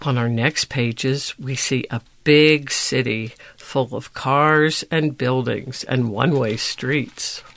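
A storyteller reading a children's picture book aloud, describing each page in a slow, deliberate, gentle way. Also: medium pitch.

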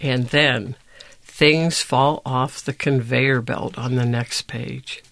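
Brief: gentle storyteller, slow-paced, gravelly voice, reading a picture book aloud. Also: mid-range voice, fairly even intonation.

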